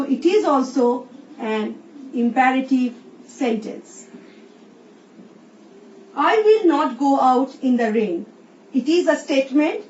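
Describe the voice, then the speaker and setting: A woman teacher with an Indian English accent, slowly explaining a recorded English lesson and reading example sentences aloud. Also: high voice, darkish tone. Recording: roomy, distant, dull sound with faint hiss.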